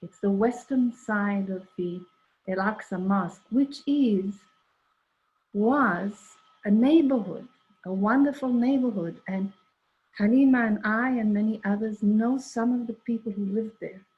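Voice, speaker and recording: A woman's voice: mid-range voice, unhurried. An older woman telling a personal story in a rambling, conversational way, full of asides and quoted dialogue. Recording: dull lo-fi recording.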